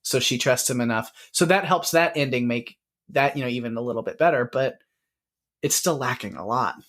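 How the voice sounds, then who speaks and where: A man in a casual podcast chat about a film, rambling along with plenty of "like"s and laughing now and then. His pitch sits mid-range for a man, and he speaks into a podcast mic. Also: a bit bright. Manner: rambling, many "like"s, quick laughs. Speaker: podcast co-host. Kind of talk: casual movie review chat.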